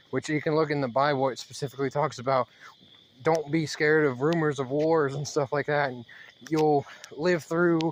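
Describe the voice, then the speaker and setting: Man, higher-pitched, ranting to camera on a fast walk outside, a bit winded, rambling with lots of fillers, faint crickets behind. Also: a little hiss or hum. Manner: worked-up, rambling, halting with many fillers. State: slightly out of breath from fast walking. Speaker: channel host. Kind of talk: rambling monologue vlog. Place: outdoors, walking.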